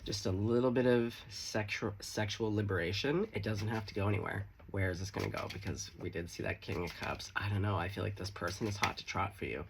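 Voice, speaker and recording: A man's voice: lowish voice, a little fast, creaky, hardly any pauses, noisy background. A man giving a casual, chatty tarot reading to camera, swearing freely and making playful asides. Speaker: tarot reader.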